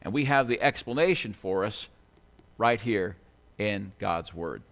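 A man's voice: fairly low pitch, expressive, unhurried, gravelly, a bit bright. A man preaching a sermon in a church, earnest and conversational, often adding "you know" as he talks.

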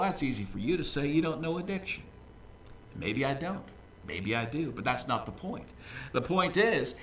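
A man preaches with a bright, animated voice, swinging freely up and down as he talks his congregation through the point. He is miked from some distance in a roomy church, so his voice carries a clear echo. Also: a little high, slight background noise. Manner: lively, conversational preaching with asides. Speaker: pastor. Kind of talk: sermon. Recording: echoey room, voice from a distance.

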